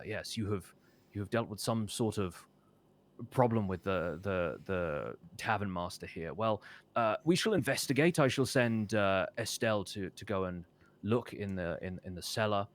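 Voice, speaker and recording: A man's voice: fairly low pitch, natural voice. A man voicing a flustered male orc town official who speaks formally and keeps stumbling over his words. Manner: halting, formal, full of restarts.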